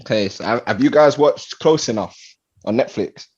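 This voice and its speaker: A man's voice: mid-range voice, normal speed, a little mellow, breathy edge. A man co-hosting a podcast, telling stories in a laid-back casual way. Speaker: podcast co-host. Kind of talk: casual chat. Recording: dull lo-fi podcast audio.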